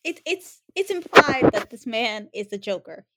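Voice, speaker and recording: A woman's voice: a little high, sing-song, normal speed, very noisy. A woman in a casual chat, recapping a TV episode and acting out the characters' lines. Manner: chatty, acts out characters' lines while retelling.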